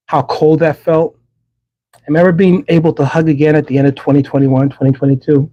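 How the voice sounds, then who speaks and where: A middle-aged man speaking in a fairly high voice, hosting a livestream. He delivers an earnest, faith-based motivational talk and leans hard on repeated phrases for emphasis. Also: level tone, fairly quick, dark tone, highs cut off. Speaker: livestream host.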